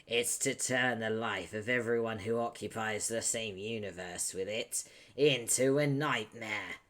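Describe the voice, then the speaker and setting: A man puts on a stoic young man with a deep Texan drawl who speaks slowly and flatly. His words sink into rough whispers at times. It is a comic read-aloud with a very low, unhurried delivery. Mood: menacing. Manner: slow, flat menace, drops to whispers.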